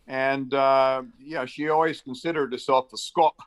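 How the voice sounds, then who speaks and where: A man's voice: medium pitch, fairly even intonation, clear, resonant tone. A man in his seventies who grew up in the Middle East, chatting as an interview guest and telling anecdotes with lots of fillers. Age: 70s. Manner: chatty, acts out quotes in his stories; brisk storyteller with frequent fillers.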